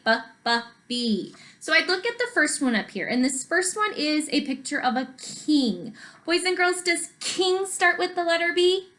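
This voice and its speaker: A woman teacher giving a recorded lesson to young children, slow and encouraging, sounding out letters, then reading a storybook aloud. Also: high voice, fairly bright tone.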